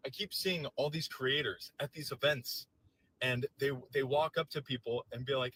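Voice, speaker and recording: A man's voice: mid-range voice, a little fast, sharp tone, breathy edge, poor audio. A man delivering a heated, profane and sarcastic political rant to camera, visibly agitated. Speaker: political commentator.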